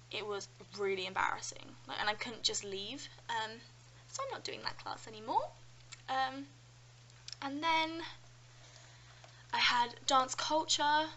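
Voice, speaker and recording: A woman's voice: on the high side, slight background noise, poor audio. Chatty young British woman vlogger. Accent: British English. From London, England. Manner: chatty, animated storytelling with frequent "like" and "um". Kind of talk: casual chat.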